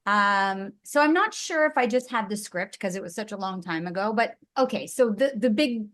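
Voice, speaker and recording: A woman voice actress chatting casually as an interview guest, bubbly and quick to giggle. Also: mid-range voice, lively intonation, fairly bright tone.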